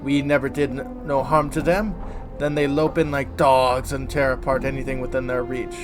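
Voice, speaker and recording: A man's voice: mid-range voice, little pitch movement, normal speed, music in the background, natural voice. A man reading the lines of a bitter, scarred woman in a game, with broken grammar and a blunt, angry manner.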